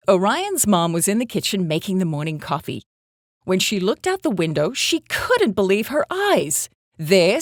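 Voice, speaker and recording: A woman reading a children's story aloud in an animated storytelling voice. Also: on the low side, no echo, studio quality. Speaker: storybook reader.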